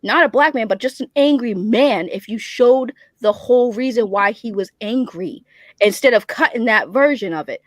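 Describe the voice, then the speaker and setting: Fiery Boston-accented woman, high voice. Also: lively intonation, no room sound. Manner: fiery, opinionated, fast-talking. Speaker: guest on a livestream talk show. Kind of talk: casual chat.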